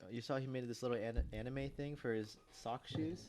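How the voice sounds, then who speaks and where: Casual male podcast co-host, jokey banter, average pitch, slight noise floor. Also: brisk. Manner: joking, laid-back banter. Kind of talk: casual chat.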